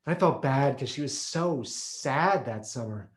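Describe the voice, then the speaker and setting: Man telling a lively stage story. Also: mid-range voice, measured pace, roomy sound. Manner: animated, playful, acts out the people he describes. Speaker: solo stage performer. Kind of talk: theatrical storytelling monologue. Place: theater stage.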